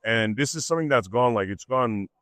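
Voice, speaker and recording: A man's voice: medium pitch, animated, a little fast, fairly bright tone, no room sound, clean studio sound. A man hosting a livestream who talks casually and keeps saying "dude" and "like.". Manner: casual, says "dude" and "like" a lot. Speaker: host.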